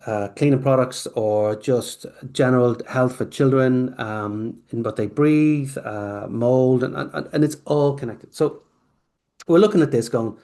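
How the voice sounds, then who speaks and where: A man with a mid-range voice tells a long story as a podcast guest, rambling from one point to the next. He acts out bits of conversation as he goes, with plenty of restarts and asides. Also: medium pitch. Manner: rambling, animated, acts out quoted dialogue. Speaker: podcast guest, company founder. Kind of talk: storytelling interview answer.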